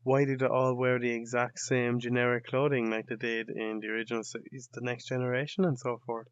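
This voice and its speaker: A man's voice: medium pitch, flat delivery, fairly quick, clear, resonant tone, no room sound. A young Irish man hosting a podcast, speaking in a casual, sardonic and rambling comedic monologue full of swearing. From Ireland. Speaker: podcast host. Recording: dull lo-fi dry recording.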